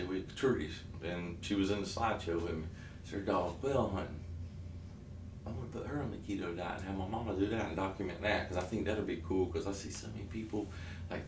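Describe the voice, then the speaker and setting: A man's voice: fairly low pitch, reverberant, distant mic, background noise. A man in his thirties from South Georgia with a Southern accent, rambling jokily in a casual vlog and interrupting himself often. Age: 30s. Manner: rambling, jokey, self-interrupting. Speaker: keto vlogger.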